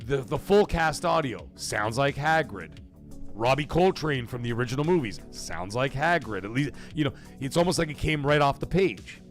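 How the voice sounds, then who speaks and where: A man's voice: medium pitch, lively intonation, normal speed, faint music behind. A man hosting a livestream, chatting casually and profanely in a rambling way while reading chat messages. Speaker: livestream host.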